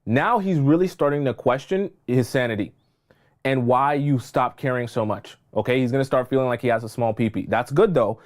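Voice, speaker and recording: A man's voice: medium pitch, a little fast. A male dating coach speaking on a livestream in an emphatic, insistent way. He hammers each point home, repeats himself and keeps asking "okay?" to make sure his viewers are following. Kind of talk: livestream advice talk.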